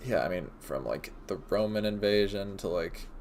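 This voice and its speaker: A man's voice: deep voice, expressive, moderate pace, a little mellow, soft background music. A man streaming and chatting casually, laid-back and rambling with lots of fillers.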